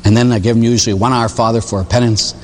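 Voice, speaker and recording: A middle-aged priest delivers a lively sermon. He tells personal stories and slips into other people's voices. His voice carries with a long echo, as in a large church. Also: medium pitch, racing, slight background noise. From Pittsburgh area, USA. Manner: animated storytelling with mimicked voices. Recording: long reverb of a church hall.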